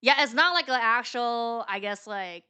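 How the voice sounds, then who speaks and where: A woman's voice: fairly high pitch, animated, normal speed, sharp tone, smooth. A woman streaming a game, reading its dialogue aloud and chatting in a rambling, filler-heavy way, laughing often. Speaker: VTuber streamer.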